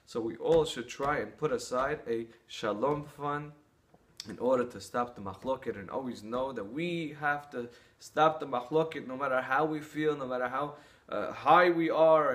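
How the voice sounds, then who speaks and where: A man's voice: medium pitch, moderate pace, fairly bright tone. A man preaching an earnest sermon, telling stories and drawing lessons from them. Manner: earnest, storytelling, with some restarts.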